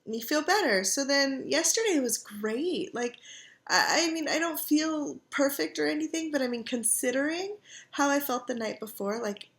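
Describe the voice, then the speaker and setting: A woman's voice: high-pitched, animated, moderate pace, fairly bright tone. A middle-aged woman chatting casually from her couch at home, sore and tired while recovering from surgery, rambling with lots of fillers. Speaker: vlogger. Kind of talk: casual chat.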